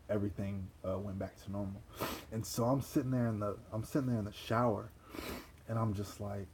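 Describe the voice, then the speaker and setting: A young man with a fairly low voice tells a personal story in a loose, animated way, swearing freely and circling back over the same phrases. He laughs between thoughts. A faint hum sits under the recording. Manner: animated, profane, repeats phrases, frequent laughs and gasps. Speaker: vlogger.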